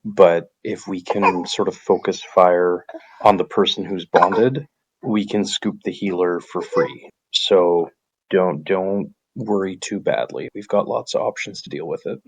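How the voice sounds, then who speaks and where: Very deep gravelly husky man. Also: steady tone, unhurried, no room sound. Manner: reassuring tactical planner. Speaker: player. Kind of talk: tabletop game chat.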